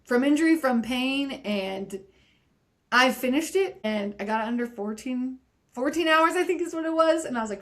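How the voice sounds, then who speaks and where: A woman's voice: sits high, animated, normal speed, a bit bright. A woman guest on a podcast, recounting her first ultramarathon in a reflective, self-deprecating way. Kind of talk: casual interview chat.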